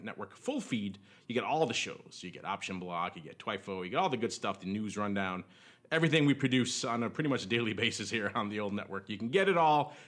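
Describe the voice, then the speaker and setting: A man's voice: medium pitch, a bit bright. A man hosting a podcast in casual chat, jokey and rambling with frequent chuckles. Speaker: podcast host.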